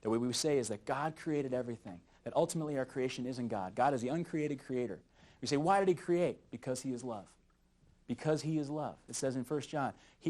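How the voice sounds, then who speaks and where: Male youth Bible teacher, slightly higher voice, lively and joking delivery. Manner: jokey, animated, chuckles at his own jokes.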